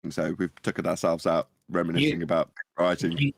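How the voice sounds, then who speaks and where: Low-voiced man in animated chat. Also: a little fast, vocal fry, no echo, studio quality. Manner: animated storytelling, acts out quotes in a high voice. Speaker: podcast panelist. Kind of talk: casual chat.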